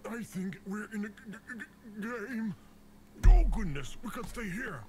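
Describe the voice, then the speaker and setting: A man's voice: high voice, fairly even intonation, moderate pace, noisy background, natural voice. An actor voicing the game itself as a fussy male narrator who keeps scolding the player, with theatrical outbursts. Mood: flustered. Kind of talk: video game voice acting.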